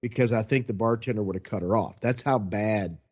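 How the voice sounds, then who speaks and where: A man telling a long story in a casual, animated way, quoting people as he goes. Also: fairly low pitch, brisk, muffled recording.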